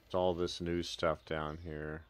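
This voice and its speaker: A man's voice: very deep voice, flat delivery, a little slow. A man casually commenting on his own gameplay on a live stream, chatting with viewers and making sarcastic asides.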